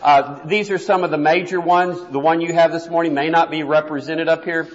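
Man, Bible class teacher, slightly higher voice, conversational, repeats words, reverberant hall, muffled recording. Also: steady tone. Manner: conversational, repeats words, reads verses slowly. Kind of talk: church class lecture. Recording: dull sound, long reverb in a hall.

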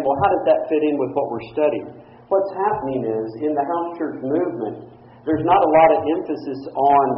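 A man preaching a sermon, earnest and citing chapter and verse as he goes. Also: fairly high pitch. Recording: dull lo-fi recording.

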